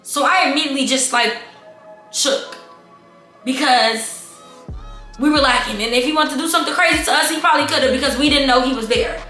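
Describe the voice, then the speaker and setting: A young adult woman telling a casual storytime vlog, animated and talking straight to her viewers as y'all and baby. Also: high voice, a little fast, long pauses, echoey room, soft background music. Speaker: storytime vlogger.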